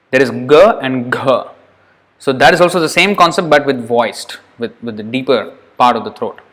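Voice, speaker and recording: A man's voice: medium pitch, fairly bright tone. A man teaching Sanskrit pronunciation in a recorded lesson, demonstrating each syllable aloud and repeating it patiently.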